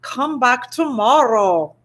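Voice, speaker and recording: A woman voicing a boastful, weary male dragon who talks slowly and smugly. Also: on the high side, animated. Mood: dismissive.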